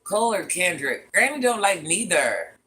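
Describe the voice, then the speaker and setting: On a casual livestream, a man plays a granny persona in a high-pitched, sing-song voice that sounds pushed and bright, moving at a moderate pace over slight background noise. Chatty and dramatic, he greets viewers by name, repeats lines for effect, and addresses them as "child" and "honey bun."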